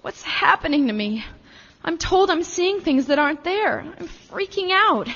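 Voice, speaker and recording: A woman's voice: very high voice, expressive, measured pace, fairly bright tone, long reverb tail, highs cut off, full character voice. A woman acting an anxious, sardonic young woman. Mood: shaken. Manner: emotional, sardonic and defensive. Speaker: lead character, young woman. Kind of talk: radio drama acting.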